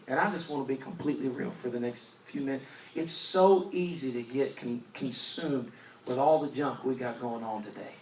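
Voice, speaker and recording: A male evangelist, preaching a storytelling sermon and swinging from loud emphasis to hushed asides, recorded in a church. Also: mid-range voice, normal speed, a little hiss or hum. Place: church sanctuary. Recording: roomy church recording from a distance.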